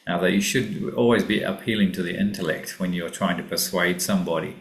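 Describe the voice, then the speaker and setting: Low-voiced man teaching Greek, echoey. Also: steady tone, creaky. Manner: unhurried, thinking aloud, many ums and self-corrections. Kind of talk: casual classroom lesson. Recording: echoey room.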